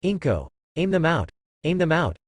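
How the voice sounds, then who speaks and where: A man voicing a bossy, exasperated mother who yells orders. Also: on the high side, big pitch swings, moderate pace, dry recording, clean studio sound, pitched above the performer's own voice. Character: fiery mother yelling at her friend.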